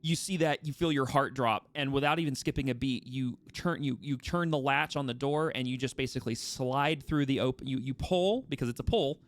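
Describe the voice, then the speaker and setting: A man running a tabletop game as game master, narrating in a lively, animated way with frequent restarts. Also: mid-range voice, a little fast, hardly any pauses.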